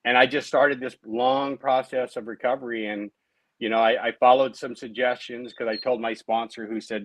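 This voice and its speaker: Sounds like a man in his late thirties talking as an interview guest, telling his own recovery story at an easy, conversational pace. His voice sits in a middle range, neither deep nor high, and he keeps checking in with "right?" and "you know" as he goes. The sound is dry and close, with no room echo. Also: level tone, moderate pace. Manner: conversational, many tag questions and fillers.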